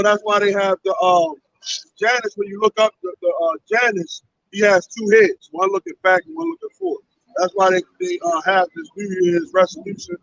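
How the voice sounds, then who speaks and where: A man's voice: high-pitched, creaky, fairly bright tone. A man reading and explaining scripture in a conversational way, often checking in with "you know?" and "right?". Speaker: scripture reader. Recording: dry, dull lo-fi recording.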